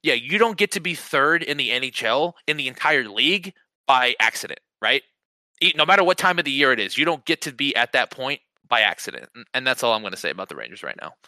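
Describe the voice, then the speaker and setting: A man co-hosting a podcast in casual sports chat, talking in an animated, excitable way and often repeating words as he starts a sentence. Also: medium pitch, fast, no echo. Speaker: podcast co-host.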